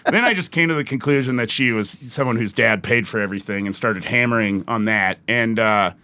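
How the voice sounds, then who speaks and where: A man from Denver, a comedian and podcast host, telling stories in a casual, animated way with plenty of swearing. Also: fairly low pitch, brisk, clean tone. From Denver, United States. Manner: animated, swearing, acts out voices in anecdotes. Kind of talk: casual storytelling chat.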